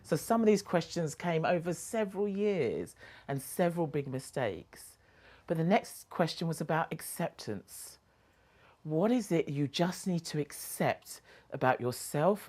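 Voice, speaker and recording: A woman, a motivational speaker, telling a personal story expressively. She moves between quiet reflection and animated laughter. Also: low voice.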